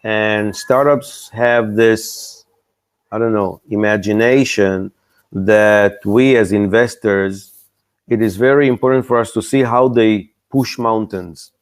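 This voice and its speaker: A man's voice: fairly low pitch, steady tone, slow pace. An older man speaking as an investor on a panel, blunt and exasperated, often mocking founders. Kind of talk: animated panel talk.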